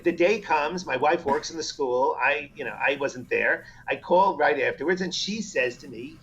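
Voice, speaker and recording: A psychiatrist in his sixties, a podcast guest telling family stories in a casual, animated way and acting out the voices he quotes. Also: on the high side, normal speed, few pauses, dull audio. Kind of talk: casual storytelling interview.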